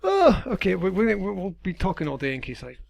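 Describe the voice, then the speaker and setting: A man with a somewhat high, gravelly voice chats loosely as a teacher interviewing his student. He restarts and repeats words as he finds his thoughts, and his voice sounds worn. The sound is dry and close. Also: huge pitch swings, brisk, no echo, rough recording. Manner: rambling, repeats words while thinking. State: losing his voice. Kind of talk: casual interview.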